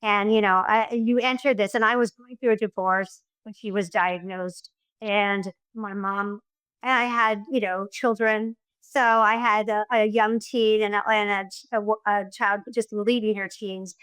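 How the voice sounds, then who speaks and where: A middle-aged woman, a podcast guest, chatting casually and telling stories with lively enthusiasm. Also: mid-range voice, unhurried, clear, resonant tone, no echo. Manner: effusive, animated storyteller. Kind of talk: casual interview chat.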